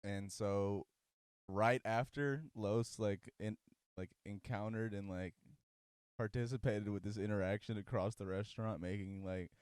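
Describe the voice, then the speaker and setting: A man's voice: lowish voice, steady tone, unhurried, darkish tone, smooth, dry recording, studio quality. A man co-hosting a casual podcast, telling stories in a laid-back way with lots of fillers. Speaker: podcast co-host. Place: home studio.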